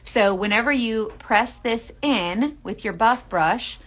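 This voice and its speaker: A woman's voice: a little high, expressive, slow, fairly bright tone. A woman selling makeup on a live stream, chatty and earnest, talking straight to her viewers and often restarting her sentences. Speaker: makeup seller.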